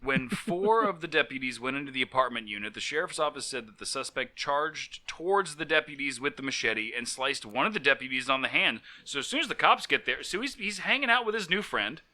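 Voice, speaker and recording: A comedy podcast co-host with a medium-pitched, bright, forceful voice talks fairly quickly and animatedly, hardly pausing. He reads strange news stories aloud and jokes about them, slipping into silly voices and laughter in casual comedic chat.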